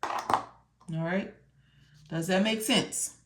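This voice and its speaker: Woman instructor, unhurried, repetitive step-by-step lesson voice. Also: lowish voice, background noise. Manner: slow, repetitive, talks to viewers as if they can answer. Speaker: medical coding instructor. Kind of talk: study walkthrough lesson.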